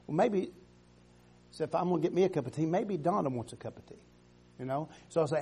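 A man preaching a sermon with fervor, swinging from loud exhortations to soft, quiet passages. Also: on the high side, animated, fast talker, long pauses, husky. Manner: fervent, rising to loud exhortations, dropping to soft tones.

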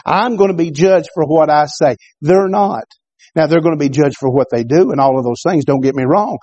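Man preaching a sermon, mellow voice. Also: on the high side, a little fast, no room sound, dull audio. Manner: repeats words and restarts, calls out "Amen?" to the congregation. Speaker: pastor. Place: church.

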